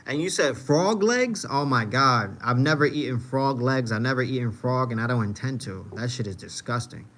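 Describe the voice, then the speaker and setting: A man's voice: medium pitch, expressive, normal speed, few pauses, a bit bright. A young man hosting a livestream, telling loose, profane stories and answering chat in a casual, slangy way. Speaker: livestream host.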